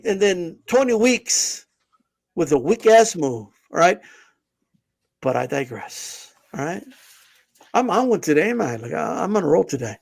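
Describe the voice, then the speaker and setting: Podcast co-host, male, high voice, heated rant with restarts. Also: creaky. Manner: fired up, profane, many restarts. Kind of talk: heated casual boxing talk.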